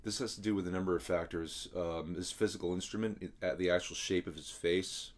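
A baritone man coaches singers on imitating a rock vocalist, speaking in a casual, throaty manner that swallows his words. His tone stays steady and his pace is brisk.

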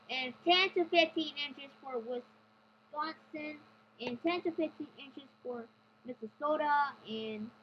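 A woman's voice: high voice, a little hiss or hum. A woman giving an amateur weather report off a map, hesitant and stumbling over place names. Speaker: weather presenter. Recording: dull lo-fi recording.

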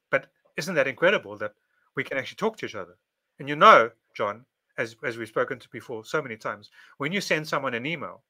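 A man's voice: mid-range voice, sharp tone. A man giving a casual monologue to camera, speaking in repetitive, list-like phrases. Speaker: video presenter.

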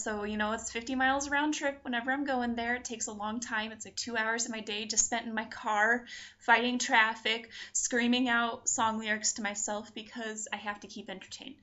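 A woman's voice: a little high, pushed and bright. A young woman telling her own story in a chatty, casual way, full of "like" and acted-out quotes. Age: young adult. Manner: chatty, quick, full of likes and quoted voices. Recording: dull lo-fi sound.

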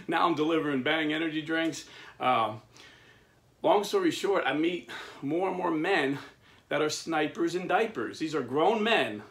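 A man in his fifties with plain-spoken, blue-collar phrasing, giving a casual preaching monologue as the host of a Catholic men's video. He tells stories in an animated way and chuckles while he talks. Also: fairly high pitch, creaky.

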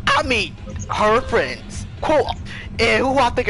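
A teenage boy hosting a casual chat, telling a story in animated bursts with loud rants. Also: extremely high pitch, takes it slowly, music in the background. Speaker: channel host. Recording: noisy home recording.

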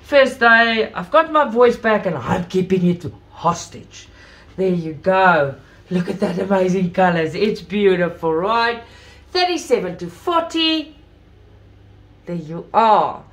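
A woman host chatting to viewers in an unboxing video, gushing with praise, still recovering from an illness with coughs and throat-clearing. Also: mid-range voice, lively intonation, takes it slowly, fairly bright tone. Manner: gushing, effusive about everything. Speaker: craft channel host. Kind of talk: casual unboxing chat to viewers.

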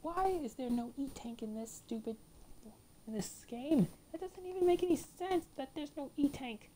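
A woman's voice: high voice, normal speed, dark tone, slight background noise. A woman giving gameplay commentary, ranting and swearing at the game as she plays. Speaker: let's play gamer.

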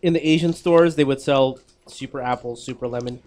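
A man's voice: medium pitch, brisk, darkish tone. A man chatting casually on a radio show, explaining food facts with dry jokes. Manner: explaining, joking. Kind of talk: casual chat.

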